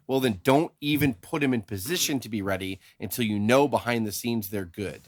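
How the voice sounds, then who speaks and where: A man's voice: medium pitch, brisk, few pauses, no room sound, studio quality. A man hosting a podcast, talking in a rambling, opinionated way with plenty of swearing. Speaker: podcast host. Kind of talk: casual podcast chat.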